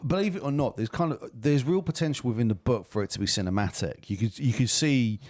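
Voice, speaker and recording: A man co-hosting a podcast in casual chat, swearing freely and talking in lively bursts. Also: mid-range voice, quick pace, dry recording, studio quality. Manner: sweary, animated, talks in bursts. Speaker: podcast co-host.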